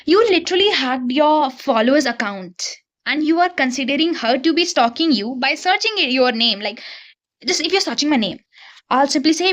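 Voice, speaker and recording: Young woman, high voice, fed up rant at her viewers about a book. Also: lively intonation, normal speed, a bit bright, lo-fi sound. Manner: exasperated, ranting, talks straight to viewers. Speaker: book reviewer. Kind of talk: casual book review rant to camera.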